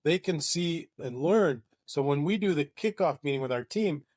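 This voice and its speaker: Male webinar presenter, upbeat and conversational, slightly raised pitch. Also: expressive, normal speed, darkish tone, dry recording, studio quality. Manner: enthusiastic and conversational. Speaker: marketing agency presenter.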